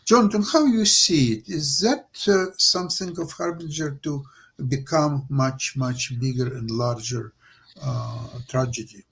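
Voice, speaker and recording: A man hosting a radio panel discussion, explaining in a halting, digressive way. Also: medium pitch, creaky, fairly bright tone, breathy edge.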